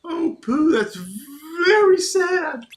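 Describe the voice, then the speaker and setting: A man voicing a timid, shy little male piglet in a squeaky, trembling voice. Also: sing-song, takes it slowly, fairly bright tone, exaggerated voice. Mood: sad.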